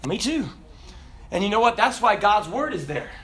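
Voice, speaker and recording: A man preaching a sermon, telling stories with laughter in an animated, lively way. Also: high-pitched, moderate pace. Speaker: pastor.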